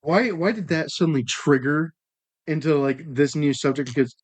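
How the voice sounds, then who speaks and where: A man's voice: fairly high pitch, normal speed. A man co-hosting a casual podcast. He banters with his co-host and repeats his words when he cuts in. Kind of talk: casual chat.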